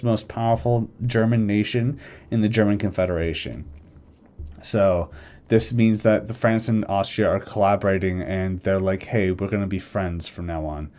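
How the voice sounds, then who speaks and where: A man talking casually on a live stream, rambling through an alternate history, correcting himself and acting out nations in quick quoted asides. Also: lowish voice, a little mellow. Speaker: streamer discussing a game mod's alternate history.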